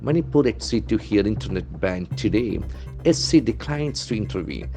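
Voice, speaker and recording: A man's voice: on the low side, lively intonation, normal speed, gravelly, dark tone, soft background music. A man teaching vocabulary from the news, spelling words letter by letter and repeating them. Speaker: English trainer. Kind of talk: newspaper vocabulary lesson.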